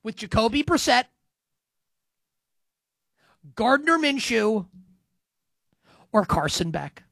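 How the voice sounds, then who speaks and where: Animated sarcastic football analyst, man. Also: high voice, measured pace, pauses often, dry recording. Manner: animated, sarcastic, breaks into sung bits. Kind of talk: solo sports commentary.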